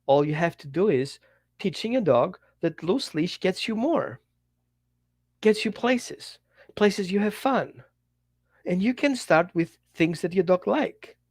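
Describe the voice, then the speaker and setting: A man dog trainer giving an animated teaching talk straight to the viewer, in slightly non-native English, acting out little quotes as he goes. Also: high-pitched, slow, no echo. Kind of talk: direct-to-camera teaching talk.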